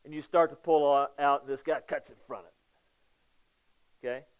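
A man preaching a sermon in a conversational way, often checking in with the congregation and swinging between loud emphasis and hushed, prayerful asides. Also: on the high side, steady tone, moderate pace, highs cut off. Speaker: pastor.

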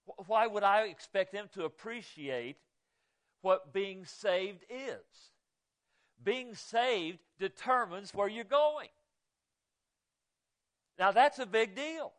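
A middle-aged man preaching a sermon, conversational, often asking his listeners questions and swinging between loud emphasis and quiet asides. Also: fairly high pitch. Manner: conversational, asks the congregation questions. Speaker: pastor.

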